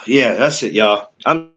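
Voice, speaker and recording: A young adult man, hosting a casual livestream podcast and talking to viewers in chat. He is excitable and repeats himself a lot. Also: fairly low pitch, slow, husky. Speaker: podcast host.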